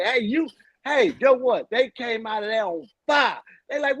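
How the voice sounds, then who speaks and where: A man with a high voice tells a story on a casual chat show, acting out his own lines with profanity and energy. The sound is close and dry, with no room around him. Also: a little slow, a bit bright, dry recording.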